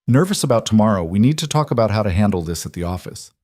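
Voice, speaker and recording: A man's voice: lowish voice, expressive, fast talker, darkish tone, dry recording, clean studio sound. A man voicing a poised but nervous woman who speaks in a composed, lightly wry way.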